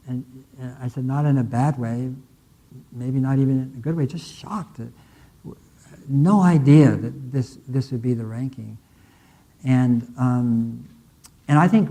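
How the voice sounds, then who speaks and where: A man's voice: medium pitch, mellow, rough recording. An older man giving a conference keynote, telling stories conversationally with many fillers and restarts. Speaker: keynote speaker. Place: lecture hall.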